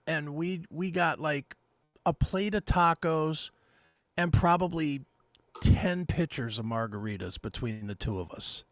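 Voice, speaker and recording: A man co-hosts a talk show, telling a story with a somewhat high voice and lots of swearing. He keeps it animated and pokes fun at himself. The recording is dry and close. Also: no echo. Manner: animated, profane, self-mocking. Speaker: co-host. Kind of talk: casual storytelling chat.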